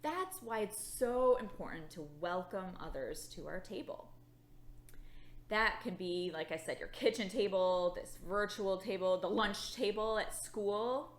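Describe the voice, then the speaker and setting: A woman leads a children's Bible lesson in a slow, sing-song voice that rises and falls a lot. Her pitch sits a little high. The sound rings in an echoey room. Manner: slow, animated and playful, with yawns. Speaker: children's church leader. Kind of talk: gentle teaching for children. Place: church.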